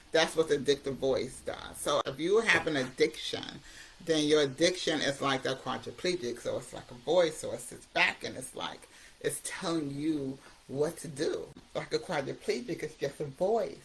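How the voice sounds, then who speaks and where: A woman's voice: low voice, a bit bright, a little hiss or hum, low-quality recording. A woman hosting a recovery talk, speaking emphatically and conversationally, often repeating herself for effect. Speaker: recovery coach host.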